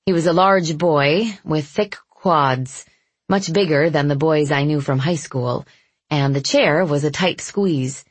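A woman giving steady first-person narration of a novel in an even storytelling manner. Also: deep voice, slow, husky, no echo. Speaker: audiobook narrator.

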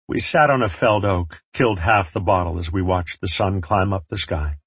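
A man's voice: low-pitched, normal speed, hardly any pauses, fairly bright tone, slightly rough, no echo. A man narrating an audiobook in the first person, with a wry, reflective storytelling manner.

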